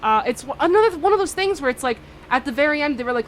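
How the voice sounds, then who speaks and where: A young woman hosts a radio show from a small studio, talking into a studio microphone. Her voice sits on the high side, and a little noise hums faintly under it. She rambles in a friendly way, laughs easily and fills her talk with ums and restarts. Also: lively intonation. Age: 20s. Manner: rambling and chatty, quick to laugh, many fillers and restarts. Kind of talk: casual radio chat between songs.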